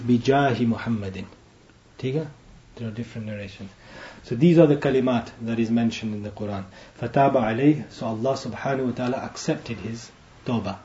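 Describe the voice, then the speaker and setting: A man delivers a sermon in a mellow, warm voice, moving between plain explanation and quickly chanted Arabic verses, often pausing for short asides. The sound is roomy with echo and a little dull. His pitch sits in the middle for a man. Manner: teaching, checking in with frequent asides. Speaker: imam. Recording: echoey, dull room sound.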